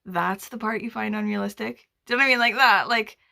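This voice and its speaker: A woman's voice: medium pitch, quick pace, creaky, pushed and bright. A young woman talking casually about a book she listened to, rambling and full of asides and fillers. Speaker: book vlogger. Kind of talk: casual chat.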